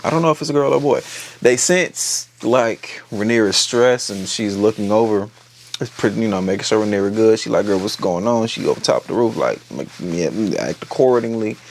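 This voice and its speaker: A man casually recapping a TV episode, animated and profane, acting out the characters' lines as he goes. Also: on the low side, brisk, creaky, slight background noise. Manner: animated, profane, acts out quotes. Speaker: TV episode reviewer.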